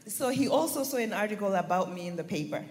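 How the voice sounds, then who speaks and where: A woman's voice: mid-range voice, expressive, fast, darkish tone, in a large hall. A woman from Zimbabwe, an audience member answering a comedian's questions with matter-of-fact, dry humor.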